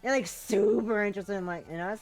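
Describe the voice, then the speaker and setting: A woman's voice: medium pitch, brisk, a little mellow, faint music behind, close to an everyday voice. A woman reading a game's text as a giddy, clingy, obsessive girl, rambling with lots of "like". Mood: giddy dreamy. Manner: breathless valley-girl rambling, full of "like".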